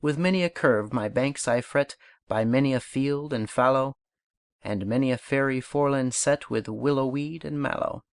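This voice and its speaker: A man narrates an audiobook in a mid-range voice, reciting poems and speaking lessons at a measured, deliberate pace. The recording is close and dry, with no room sound around him. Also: medium pitch, clear, resonant tone, dry recording. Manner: measured, unhurried recitation of verse and instruction. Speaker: audiobook reader.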